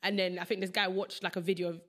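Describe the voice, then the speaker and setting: A young woman hosting a podcast, chatting casually and animatedly, acting out quotes in a higher voice. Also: level tone, quick pace, a bit bright. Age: young adult. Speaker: podcast host. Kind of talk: casual chat.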